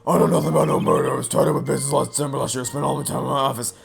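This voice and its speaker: A man voicing a brash, loud male loan-shark thug with a Brooklyn accent. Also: mid-range voice, very fast. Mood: gruff. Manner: brash, shouting, gruff.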